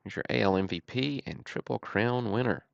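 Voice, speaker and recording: A man hosting a livestream, calling out trading cards one after another in a steady, matter-of-fact way with dry self-deprecating asides. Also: on the low side, moderate pace, creaky, no room sound, dull audio. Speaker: host of a card-break livestream.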